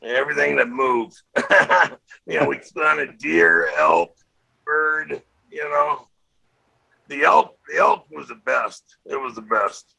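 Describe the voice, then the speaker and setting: A man's voice: mid-range voice, animated, takes it slowly, creaky, sharp tone, breathy edge, rough recording. A man chatting casually on a podcast, plainspoken and swearing now and then.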